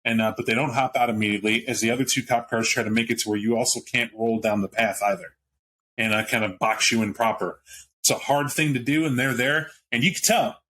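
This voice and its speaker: A man narrating as game master of a tabletop role-playing game, rambling and animated. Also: medium pitch, fairly quick, a little hiss or hum, poor audio.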